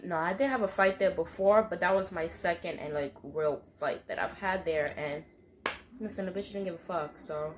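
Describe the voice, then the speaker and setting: A young woman tells a story straight to camera. She keeps it animated and salty, with plenty of swearing and street slang. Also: on the low side, a little hiss or hum. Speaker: vlogger. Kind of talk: storytime monologue.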